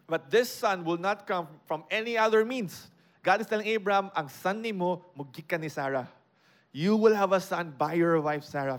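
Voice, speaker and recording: A man with a Filipino accent delivers a sermon, mixing English with Cebuano as he walks through a scripture passage. His voice sits high for a man, and he gets louder to stress key points. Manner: explains a scripture passage, code-switching and raising his voice for emphasis. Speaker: preacher. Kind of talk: sermon teaching.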